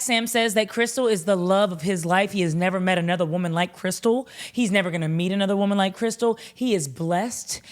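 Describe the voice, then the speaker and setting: A woman vlogger recapping reality TV in a casual, animated and blunt way, swearing freely. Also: mid-range voice.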